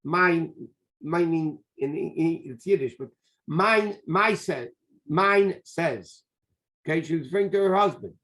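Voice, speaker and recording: A high-pitched man lectures as a rabbi in a Torah class. He talks with energy, circles back to repeat his main points, and mixes Hebrew and Yiddish terms into his English. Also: measured pace. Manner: animated, repeats key phrases, sprinkles Hebrew and Yiddish terms. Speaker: rabbi teaching a Tanya class.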